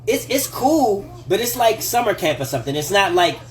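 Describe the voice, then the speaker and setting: At a normal speed, with a little hiss or hum in the audio, a high-voiced livestream host gives relationship advice from his home kitchen. The casual talk is animated and profane, full of laughter and impressions of the people he quotes.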